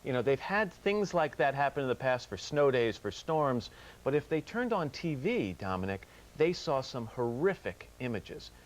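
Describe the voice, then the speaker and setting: A man anchoring live TV news and guiding an interview with calm questions. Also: mid-range voice, normal speed, poor audio.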